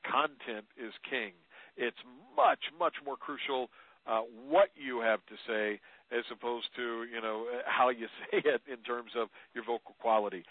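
A man's voice: mid-range voice, normal speed, dry recording. A man giving media-training advice in an interview, talking conversationally with emphatic repetition. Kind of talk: teleconference interview answers. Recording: tinny phone line, dry.

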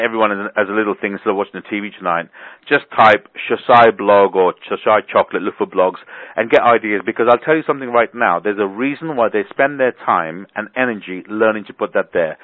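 Over a tinny, dry phone line, a man with a mid-range voice hosts a business conference call. His casual talk rambles, and he leans hard on his points by repeating words.

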